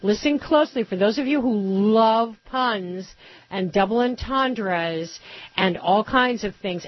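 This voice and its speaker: A woman hosting a political talk radio show, sarcastic and rapid-fire with mocking asides. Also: medium pitch, breathy edge, highs cut off.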